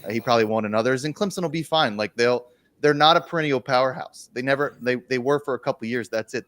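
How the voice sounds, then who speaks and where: A man's voice: medium pitch, fairly bright tone. Wry man giving casual betting picks. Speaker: sports betting podcast panelist. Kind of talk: casual sports analysis chat.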